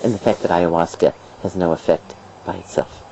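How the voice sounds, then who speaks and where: A middle-aged woman herbalist telling stories in an interview, lively and playful, acting out voices and laughing as she talks. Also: very deep voice, brisk, vocal fry. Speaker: herbalist guest. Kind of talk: storytelling interview answers. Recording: dull lo-fi video sound, faint hiss.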